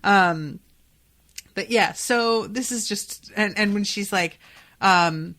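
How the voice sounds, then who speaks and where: A woman hosting a podcast, giving chatty, excitable reactions to a comedy episode and swearing freely. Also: mid-range voice, takes it slowly. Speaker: podcast host. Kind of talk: casual episode reaction commentary.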